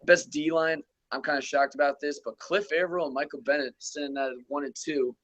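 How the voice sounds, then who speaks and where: A man's voice: on the high side, fairly even intonation, a little fast, fairly bright tone, dry recording, dull audio. A young man hosting a casual podcast, loosely running through football rankings and stats with profanity and offhand asides. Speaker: podcast host. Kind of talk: casual sports gaming chat.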